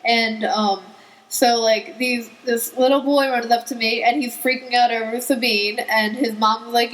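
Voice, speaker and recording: A woman's voice: a little high, fairly even intonation, brisk, a bit bright, low-quality recording. A teenage girl hosting a casual podcast chat, telling chatty stories with laughs. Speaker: podcast host.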